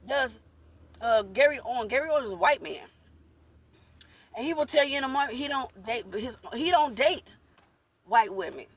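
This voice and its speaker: A woman's voice: a little high, a bit bright. A woman vlogging in a casual monologue, talking bluntly and rambling, repeating herself while she eats. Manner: talks while eating.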